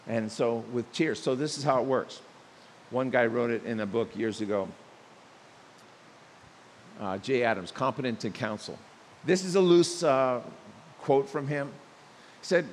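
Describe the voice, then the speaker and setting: A man preaching a sermon, telling stories and acting out quotes with lively emphasis. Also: fairly high pitch, measured pace. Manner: animated preaching with acted quotes and storytelling. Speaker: pastor. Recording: long hall reverb with faint hiss.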